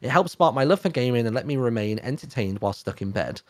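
A man reading out a long list of donor names on a charity stream, brisk with many fillers. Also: mid-range voice, expressive, no room sound. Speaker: donation reader on a charity stream.

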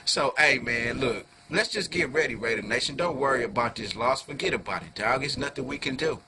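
A man giving a heated fan rant to camera, full of profanity and street slang, dropping low then flaring into loud outbursts. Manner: profane slangy talk, keeps calling listeners "dog"; swings from low muttering to loud angry outbursts. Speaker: fan video reviewer.

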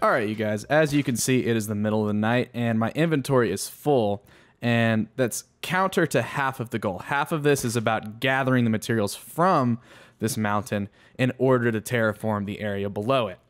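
Faint music plays behind a man whose medium-pitched voice moves at a normal speed. As host of a gaming channel, he casually narrates his gameplay in let's-play fashion, talking to himself and to the game's animals.

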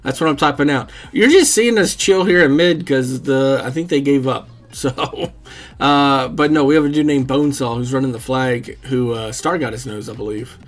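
A man's voice: mid-range voice, moderate pace, soft background music. A man giving casual, rambling commentary over his own gameplay, swearing freely and chuckling often. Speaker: gaming commentator.

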